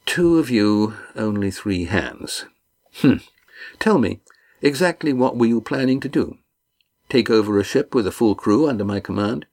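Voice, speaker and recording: A man's voice: lowish voice, animated, moderate pace, darkish tone, pitched above the performer's own voice. A man reading the part of a menacing, mocking ship captain, drawing out his threats with a sneer. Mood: cold menacing.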